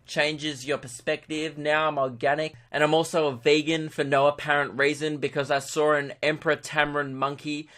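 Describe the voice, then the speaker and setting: A man's voice: on the high side, level tone, moderate pace, few pauses, fairly bright tone, close to an everyday voice. Man doing a preachy returned traveler. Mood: smug. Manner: preachy, self-important. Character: smug young traveler back from overseas, preachy.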